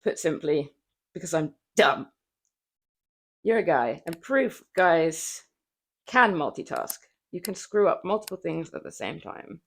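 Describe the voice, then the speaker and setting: A woman with a slightly low voice chats casually to her viewers during a workout, breathing hard between sentences. Her talk is playful and chatty, and she laughs easily. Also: lively intonation, measured pace. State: out of breath from exercise. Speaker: livestreamer. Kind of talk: casual livestream chat while working out. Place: home flat.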